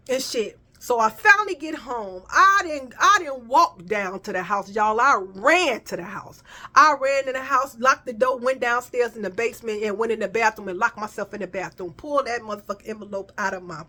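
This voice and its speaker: A woman telling a casual personal story, animated and profane, often calling her listeners y'all. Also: on the high side, normal speed. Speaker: vlogger.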